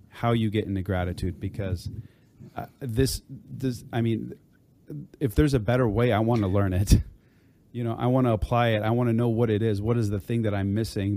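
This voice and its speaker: Male host, low mellow voice, earnest and searching, casual chat. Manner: earnest, searching, filler-heavy. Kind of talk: casual conversation.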